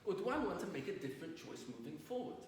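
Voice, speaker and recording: Rabbi lecturing a class, fairly high voice, heard from across a very echoey hall. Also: male voice, sing-song, fast talker, a little mellow. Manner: storytelling, asks the audience questions. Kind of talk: Torah lecture to an audience. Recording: roomy distant recording with faint noise.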